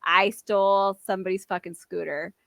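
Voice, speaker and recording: A young woman co-hosting a podcast, telling a party story in a rambling way, full of "like" and quick laughs. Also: mid-range voice, steady tone, vocal fry, a bit bright, no echo. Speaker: podcast co-host. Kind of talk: casual chat.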